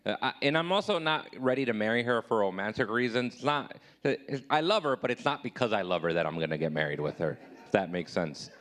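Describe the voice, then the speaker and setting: A man's voice: lively intonation, fairly quick. Self-deprecating man doing stand-up. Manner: self-deprecating, swings high and loud when acting out his own replies. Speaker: stand-up comedian. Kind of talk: live stand-up comedy set.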